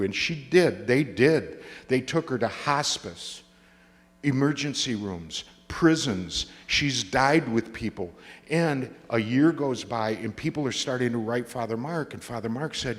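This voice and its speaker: A man's voice: mid-range voice, unhurried. Man telling a story in a reverberant hall. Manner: animated storyteller acting out quoted voices. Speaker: speaker giving a testimony talk. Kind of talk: storytelling testimony with comic timing. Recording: long reverb of a large hall.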